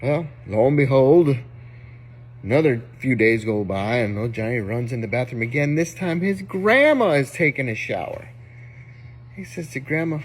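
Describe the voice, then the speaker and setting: A man's voice: mid-range voice, expressive, normal speed, breathy edge. A man telling crude jokes to his family, acting out the characters' voices and laughing at his own punchlines. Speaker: joke teller.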